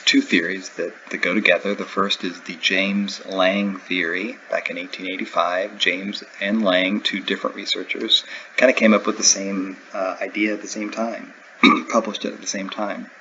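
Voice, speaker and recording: A man's voice: low-pitched, little pitch movement, normal speed, pushed and bright, highs cut off, slight background noise. A man teaching a recorded lecture, explaining in a conversational way with everyday examples. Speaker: instructor.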